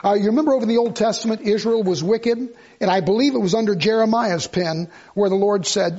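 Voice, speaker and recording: An older man preaches with emphasis, repeating himself and pushing his voice up in bursts. His voice sits high for a man and carries a gravelly, husky edge. The recording sounds dull and lo-fi. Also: fast talker, few pauses, a little mellow. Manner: emphatic, repetitive, conversational preaching with rising outbursts. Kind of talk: sermon.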